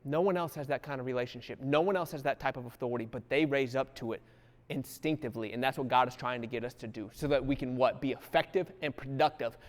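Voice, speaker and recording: A man teaching the Bible in a fervent preaching style, falling to a hush and rising to loud exhortation, with casual dialect phrasing as he acts out quotes. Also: medium pitch, quick pace, long reverb tail.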